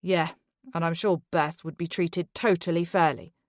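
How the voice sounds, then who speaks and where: A woman voicing a bitter, defensive husband, curt and sarcastic, a little lower than her own voice. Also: fairly even intonation, moderate pace, no room sound, clean studio sound, natural voice.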